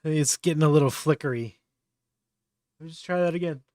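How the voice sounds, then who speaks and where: A man hosting a live tutorial stream, thinking aloud in a relaxed, offhand way at a close mic. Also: a little high, a little fast, dry recording. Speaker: livestream host. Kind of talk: casual live tutorial commentary.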